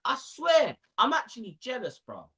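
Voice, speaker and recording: A man's voice: very high voice, wildly swooping pitch, normal speed, sharp tone, slightly rough. A young man, ranting animatedly in casual football chat on a panel show.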